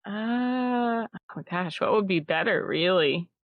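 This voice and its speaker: A woman's voice: medium pitch, lively intonation, slow pace, no echo, phone-quality sound. A woman playing a tabletop role-playing game, talking hesitantly and thinking aloud. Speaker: player. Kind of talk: tabletop role-play, casual chat.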